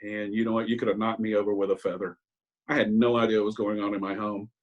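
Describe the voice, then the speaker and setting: A man in his sixties speaks at an Al-Anon meeting over a video call, sharing his personal recovery story with candor, poking fun at himself, and hesitating with ums. His voice is lowish and flat, he talks fast, and the audio is lo-fi.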